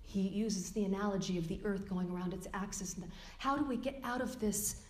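A middle-aged woman giving a lecture as a yoga teacher, earnest and emphatic, drawing out key words slowly. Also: mid-range voice. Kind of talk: spoken lecture quoting a teacher. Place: yoga studio room. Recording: echoey room.

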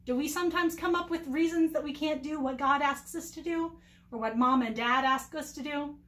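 Woman children's ministry teacher, Bible storytelling, high pitched, expressive. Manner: warm, expressive storytelling with asked questions.

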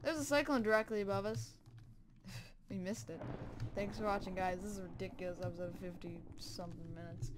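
A woman hosting a survival game let's play, excitable and quick to shout and laugh at her finds. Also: mid-range voice, noisy background. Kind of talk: gameplay commentary.

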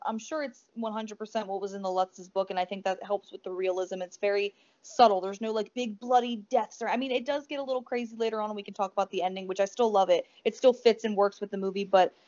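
A podcast co-host, a woman, rambles enthusiastically about a horror film in a casual movie-review chat, full of fillers and restarts. Her medium-pitched, slightly mellow voice races along with hardly any pauses. The lo-fi podcast audio sounds dull.

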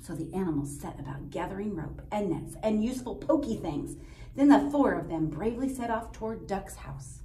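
A woman reading a children's storybook aloud as a teacher, expressive and playful, explaining the story to children afterward. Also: medium pitch, moderate pace, slight background noise. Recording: roomy echo, distant mic.

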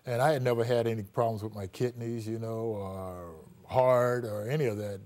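A man's voice: mid-range voice, steady tone, moderate pace, darkish tone. Middle-aged guy telling his story, lots of you knows, does the voices when he quotes people. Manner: chatty, full of "you know", acts out quoted dialogue. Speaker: interview guest, former athlete and patient. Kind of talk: casual storytelling interview.

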